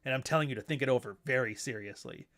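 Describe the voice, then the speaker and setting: A man's voice: medium pitch, fast talker, fairly bright tone. A man hosting his own show in a casual monologue, blunt and profane, who now and then mocks others in put-on voices. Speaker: show host.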